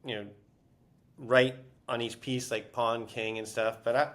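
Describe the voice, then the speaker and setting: A man's voice: medium pitch, level tone, unhurried, fairly bright tone. A man being interviewed as an author, telling stories casually with many fillers and restarts.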